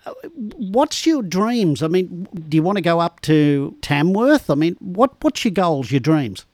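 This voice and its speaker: A man's voice: high-pitched, sing-song, a little slow, darkish tone, no echo. Aussie radio guy joking around with his guest, dry close sound. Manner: jokey, teasing. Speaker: radio host. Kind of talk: casual radio interview.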